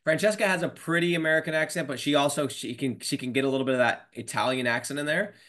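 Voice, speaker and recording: A man in his thirties hosting a podcast over a video call, talking fast and casually with lots of "dude" and "bro". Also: on the high side. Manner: energetic, slangy, says dude and bro. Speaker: podcast host. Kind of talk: casual interview chat.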